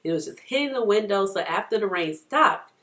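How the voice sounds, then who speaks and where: A woman's voice: mid-range voice, expressive, fairly quick, fairly bright tone. A woman in her thirties chatting and rambling through stories while doing her makeup at home for a beauty vlog. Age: 30s. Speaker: beauty vlogger.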